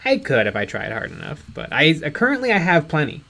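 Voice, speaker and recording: A man's voice: on the high side, wildly swooping pitch, quick pace, vocal fry, pushed and bright. A man co-hosting a hobby livestream, reading chat questions and chatting casually, laughing often and restarting his sentences.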